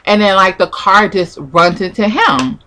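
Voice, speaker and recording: A woman's voice: medium pitch, unhurried, pushed and bright, a little hiss or hum. A young woman vlogger telling a personal story in a chatty, casual way, full of "like" and acted-out quotes. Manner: chatty, peppered with "like", acts out quotes.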